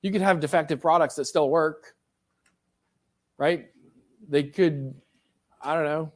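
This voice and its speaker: A man's voice: a little high, measured pace. A middle-aged man, a professor, giving a casual classroom lecture, asking the class questions and joking along the way.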